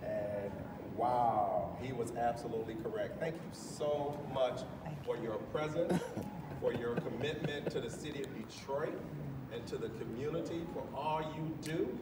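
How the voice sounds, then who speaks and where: A man in his fifties giving an emotional retirement speech, warmly thanking friends and colleagues and laughing often. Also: mid-range voice, measured pace. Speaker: retiring chief master sergeant giving his farewell speech. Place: large ceremony hall on a military base. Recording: echoey hall from far off, with crowd and noise. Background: audience murmuring and laughing.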